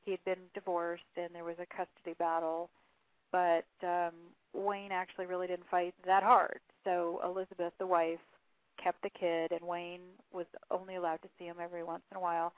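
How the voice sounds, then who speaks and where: An author appearing as an interview guest by phone, a woman recounts a case at length, reads quotes out loud, and uses fillers frequently. The dry recording captures her lowish voice speaking in a level tone at normal speed.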